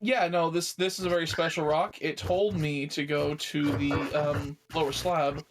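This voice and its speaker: A man talking as a player in a tabletop game, halting and full of fillers and restarts. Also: on the high side, little pitch movement, a little hiss or hum. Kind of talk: casual tabletop game chat.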